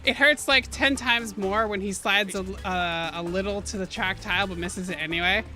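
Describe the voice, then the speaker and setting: A woman streaming a video game, commenting out loud, joking and exclaiming as she plays. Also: medium pitch, moderate pace, soft background music. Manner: animated, exclaims and laughs often, jokes with chat. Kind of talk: live gaming commentary.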